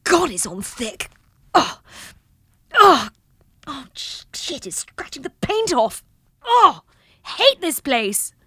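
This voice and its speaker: A woman's voice: high voice, sing-song, slow, long pauses, sharp tone, no room sound, clean studio sound. Giggly woman playing games, swearing. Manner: giggly, swears, fumbles lines. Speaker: gamer. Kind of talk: casual let's-play chat.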